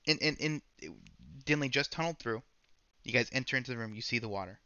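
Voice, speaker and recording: A game master runs a tabletop game, rambling through scene descriptions and often correcting himself mid-sentence. His medium-pitched voice is bright, forceful and quick. The sound is dry and close with no room sound, though a little dull, as from a modest microphone.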